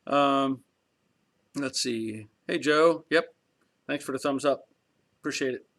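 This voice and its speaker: A man's voice: mid-range voice, slow pace, long pauses, a bit bright. A middle-aged man hosting a garage channel, chatting casually on a live stream and reading viewer comments in a talkative, rambling way with chuckles.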